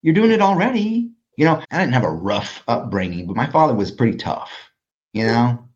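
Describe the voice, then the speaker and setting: A middle-aged man tells stories in casual talk, animated and loose with curse words. His voice sits mid-range in pitch, and the audio is muffled and lo-fi. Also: brisk. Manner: animated storyteller, swears freely. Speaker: podcast host and designer. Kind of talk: casual conversation.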